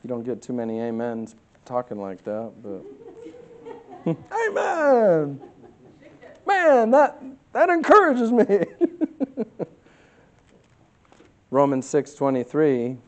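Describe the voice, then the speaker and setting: Delivering a sermon, this pastor has a mid-range voice and preaches with emphasis, shifting from loud passages to quiet ones. When he reads scripture, he slows right down.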